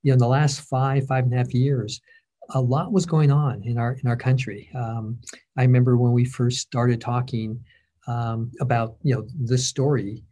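A middle-aged man interviewing an author in a thoughtful, halting way. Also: mid-range voice, steady tone, mellow. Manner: thoughtful, halting, gets emotional. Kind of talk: conversational interview.

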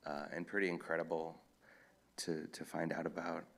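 A man, an author, answering audience questions in a relaxed, rambling storytelling way at a live event. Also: sits low, moderate pace, creaky. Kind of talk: casual Q&A talk.

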